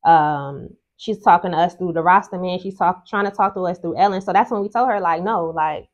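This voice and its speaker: Animated woman telling a story, lo-fi. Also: lowish voice, fairly quick, a little hiss or hum. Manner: animated, emphatic retelling. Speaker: co-host. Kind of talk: casual storytelling chat. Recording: slightly dull lo-fi sound.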